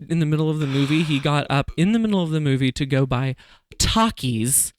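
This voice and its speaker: A man's voice: a little high, a little fast, background noise. Chatty laughing male podcast host. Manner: laughs often, animated storytelling. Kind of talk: casual chat.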